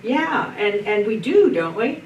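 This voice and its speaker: A woman's voice: a little high, big pitch swings, unhurried, lo-fi sound. A middle-aged woman pastor leading a group Bible study, telling stories in a folksy, anecdotal way with frequent restarts. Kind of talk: storytelling in a group discussion. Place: church meeting room. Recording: roomy, distant mic, faint noise.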